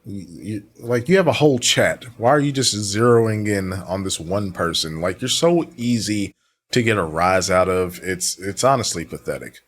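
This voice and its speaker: A man's voice: lowish voice, animated, normal speed. A man doing commentary over a stream, talking back with dismissive sarcasm. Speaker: commentary host. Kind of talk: mocking commentary.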